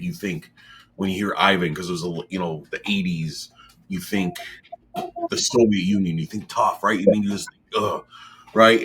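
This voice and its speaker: Deep-voiced rambling man in casual chat. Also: a bit bright, slight background noise. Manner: rambling, many fillers and restarts.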